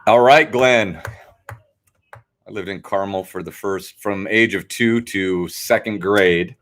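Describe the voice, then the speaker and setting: A man's voice: fairly low pitch, slow, fairly bright tone. Rambling, chatty male trivia host. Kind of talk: casual livestream chat. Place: home.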